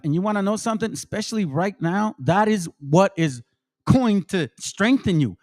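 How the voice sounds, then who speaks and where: Impassioned male streamer, fairly high voice, slangy, preachy, emotional. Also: expressive, normal speed. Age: adult. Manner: emotional, preachy, slangy, repeats "man" and "bro". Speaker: streamer and religious commentator. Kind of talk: impassioned livestream commentary.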